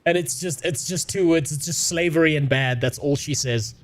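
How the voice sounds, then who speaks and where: A man's voice: fairly high pitch, normal speed. A young man streaming a game, talking in crude, sarcastic, laughing rants. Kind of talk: casual gaming stream chat.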